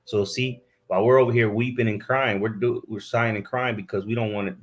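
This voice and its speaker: A man's voice: on the low side, steady tone, a little fast. A man preaching a fiery sermon, scolding his listeners and reading scripture aloud into a camera he set up himself.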